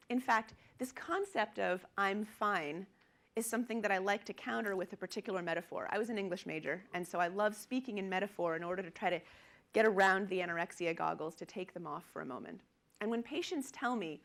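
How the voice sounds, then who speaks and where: A woman's voice: medium pitch, brisk, a bit bright. Earnest woman doctor giving a lecture. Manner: earnest, emphatic, acts out quoted patients. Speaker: physician lecturer. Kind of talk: conference presentation.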